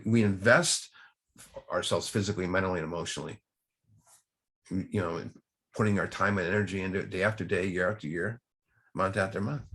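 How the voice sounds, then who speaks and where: A man's voice: low-pitched, a bit bright. A man speaking to a recovery study group in a casual, rambling way with many restarts. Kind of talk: casual talk.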